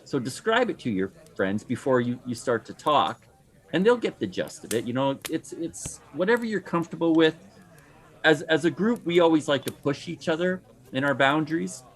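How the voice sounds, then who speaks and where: Fast-talking man explaining eagerly. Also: fairly high pitch, sing-song. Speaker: player. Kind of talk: casual discussion.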